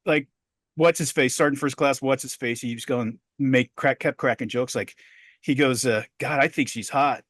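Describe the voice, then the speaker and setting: A middle-aged man co-hosting a podcast, telling a story in a profane, animated way. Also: mid-range voice, normal speed, no echo, studio quality. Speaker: podcast co-host. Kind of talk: casual podcast chat.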